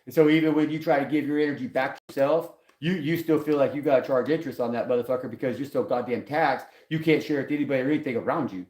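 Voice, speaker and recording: A man giving a casual live tarot reading, profane, rambling and excitable, talking from a table. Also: mid-range voice, quick pace, few pauses. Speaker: tarot reader on a live stream. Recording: echoey room.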